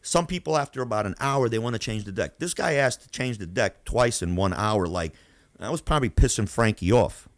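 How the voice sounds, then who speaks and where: A man hosts a podcast and spins street stories in a loose, profane way. His pitch sits at an ordinary middle for a man. The sound is dry and close. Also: fairly quick, no room sound. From Queens, New York. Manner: animated, profane, acts out voices. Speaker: podcast host. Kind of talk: casual storytelling.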